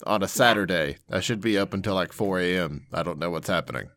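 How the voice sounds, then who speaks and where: A woman's voice: a bass voice, fast, fairly bright tone. A young woman co-hosting a podcast in casual chat, teasing dryly and cracking jokes. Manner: joking, dry teasing. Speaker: podcast co-host.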